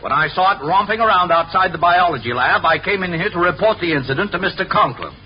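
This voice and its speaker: A man's voice: high-pitched, lively intonation, quick pace, muffled recording. A man playing a stuffy, suspicious school official in a 1950s radio sitcom. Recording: old radio broadcast with hiss.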